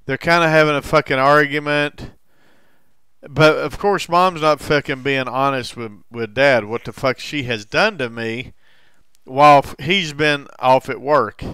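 A man in recovery telling a personal story in a halting way, with frequent restarts and heavy swearing. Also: mid-range voice, bright, forceful tone, smooth, no room sound. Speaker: recovering alcoholic sharing his story.

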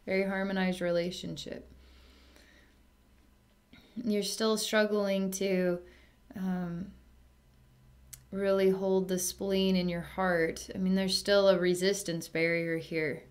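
A woman psychic healer speaking in a distance healing session, talking in a soothing, chatty way with frequent fillers and soft laughs. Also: mid-range voice, little pitch movement, takes it slowly, long pauses.

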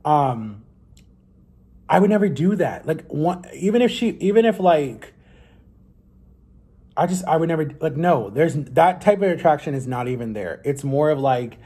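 A man's voice: on the high side, lively intonation, normal speed, pauses often, dark tone, husky. A young man vlogging in a casual, rambling way, with many "like"s and self-corrections as he talks to his viewers. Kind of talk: casual confessional vlog talk.

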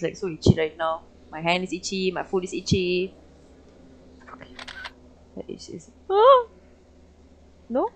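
A young woman with a Malaysian English accent, commentating a horror game, jumpy and swearing constantly with loud startled reactions. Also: fairly low pitch, slight background noise. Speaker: gaming streamer.

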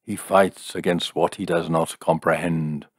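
A man voicing a grave fortune teller in an audiobook story, intoning slowly and mournfully in a deep voice. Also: flat delivery, no echo, clean studio sound. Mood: solemn. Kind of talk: audiobook character voice.

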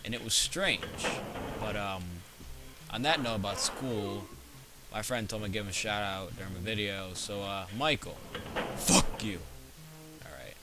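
A teenage boy runs his own gaming channel and provides gameplay commentary, joking and rambling through stories as he plays. His voice is lowish and his pace moderate, with game music playing behind him in a goofy, storytelling style.

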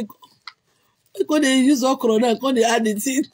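A woman with a Nigerian accent hosting a casual livestream, answering viewer comments in an emphatic, repetitive way with loud exclamations. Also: high-pitched, a little slow, long pauses. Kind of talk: casual chat.

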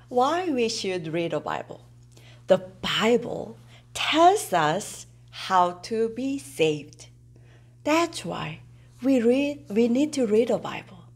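Slow, lively woman preaching. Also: mid-range voice. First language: Korean. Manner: emphatic, repeats key points, asks the children questions. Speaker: children's worship teacher. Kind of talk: children's sermon.

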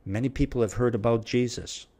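A man's voice: medium pitch, brisk, warm tone. A middle-aged man preaching a verse-by-verse Bible sermon with an emphatic, repetitive cadence.

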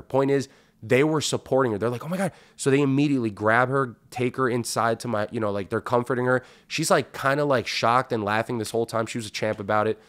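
A man hosting a podcast, telling a long story in a casual, profane, animated way and acting out what people said. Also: medium pitch. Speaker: podcast host.

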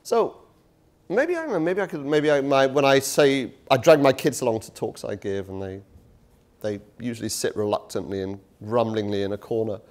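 A man's voice: fairly low pitch, big pitch swings, brisk, darkish tone. Chatty middle-aged man giving a lecture. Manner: conversational, self-deprecating, many fillers and restarts. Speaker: guest lecturer. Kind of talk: public lecture. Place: university lecture room. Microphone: touchy handheld mic.

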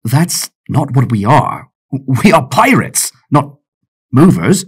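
A man voicing a cocky, boastful young pirate captain in an audiobook, his voice jumping high when excited. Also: slow pace, slightly rough, exaggerated voice. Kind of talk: audiobook character voice.

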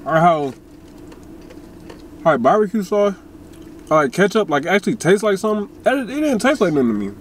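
A relaxed young man talks slangy and casual while eating, his pitch leaping high and low as he goes. The sound comes off a camera mic inside a car, with a clear layer of noise around him. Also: brisk, long pauses. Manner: laid-back, slangy, swooping pitch. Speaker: co-host of a couple's vlog. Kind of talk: casual mukbang chat.

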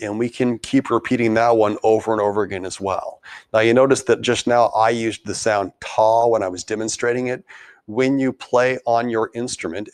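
Male band teacher, mid pitch, dry close sound, clear and patient, counts beats aloud. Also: fairly even intonation, normal speed, no echo. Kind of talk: instructional music lesson.

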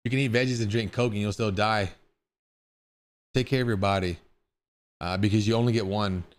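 Smooth-voiced man chatting on stream. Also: on the low side, fairly even intonation, a little fast. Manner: rambling, chatty, swears casually. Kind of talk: casual live-stream chat.

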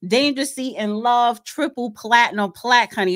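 Sassy animated woman co-host. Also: fairly high pitch, moderate pace. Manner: sassy, animated, calls people honey. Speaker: podcast co-host. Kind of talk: casual chat.

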